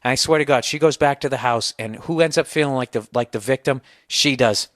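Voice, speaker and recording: A man's voice: mid-range voice, brisk, a bit bright, no room sound, studio quality. A man in his forties, from the United States, hosting a podcast with a sore throat, telling stories in a profane, sarcastic rant. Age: 40s. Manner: profane, ranting, sarcastic storytelling. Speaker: podcast host. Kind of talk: casual comedic monologue.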